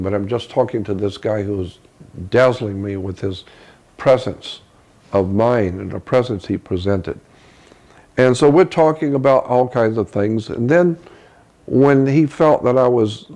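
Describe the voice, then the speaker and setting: Gravelly man telling a personal story. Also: medium pitch, warm tone. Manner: halting, repeats words while searching for them. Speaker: interview guest.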